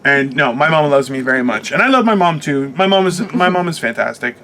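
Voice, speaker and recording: A man co-hosting a casual chat show, loud and profane, laughing often. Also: a little high, expressive, brisk. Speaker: co-host. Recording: faint background noise.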